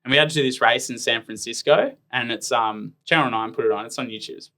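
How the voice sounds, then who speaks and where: Speaking quickly in a sharp, mid-range voice, this Australian guest tells loose, meandering stories in a casual interview, peppered with "like." He's in his thirties, comes from Tasmania, and competes as a professional ironman athlete.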